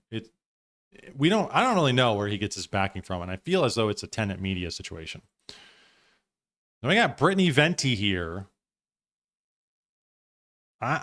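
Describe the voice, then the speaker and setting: A man's voice: mid-range voice, a bit bright. A man hosting a live stream, giving loose, profane reaction commentary with frequent laughs.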